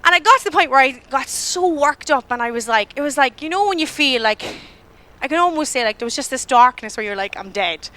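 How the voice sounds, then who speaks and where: Irish girl in her 20s telling a story at church, bright and high, acts out her own panic. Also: animated, quick pace. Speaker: church speaker. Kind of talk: storytelling sermon.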